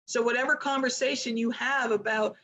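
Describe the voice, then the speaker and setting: A woman trading mentor talking casually to a live online audience in an energetic, motivational way, with chatty asides. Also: a little high, a little fast, a little hiss or hum. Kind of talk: casual live-stream talk.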